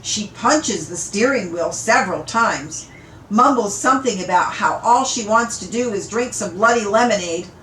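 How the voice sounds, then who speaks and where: A woman reading a novel aloud in an unhurried, amused storytelling manner, in an echoey room. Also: fairly high pitch, fairly bright tone, slight background noise. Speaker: audiobook reader. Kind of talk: read-aloud story narration.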